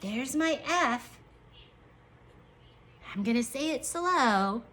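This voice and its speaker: A woman teacher leading a young class through a writing lesson, sounding out letters slowly and praising the children as they work. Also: high voice, expressive, fairly bright tone. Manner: slow, drawn-out letter sounds. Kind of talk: early-grade writing lesson.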